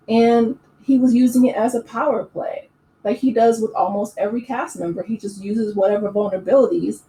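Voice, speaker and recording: A woman's voice: medium pitch, mellow. A woman chatting through an opinionated casual recap, full of "you know" and "um". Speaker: YouTube recap host. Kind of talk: casual reality-TV recap commentary. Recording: echoey room with faint background noise.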